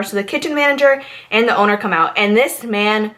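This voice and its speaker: A woman from Massachusetts, telling a storytime rant about her bartending days in a chatty, animated way full of fillers. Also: mid-range voice, fairly quick. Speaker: vlogger, former bartender.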